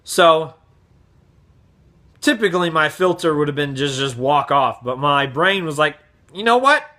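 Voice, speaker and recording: A man vlogger telling a casual story in an animated, profane way, acting out the voices. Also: fairly high pitch, unhurried.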